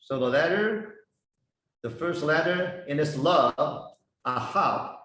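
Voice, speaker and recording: A man teaching a Bible lesson, slowly spelling out Hebrew words and their meanings one by one. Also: a little high, expressive, fairly bright tone. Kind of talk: slow explanatory lesson. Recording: echoey room, voice heard from a distance.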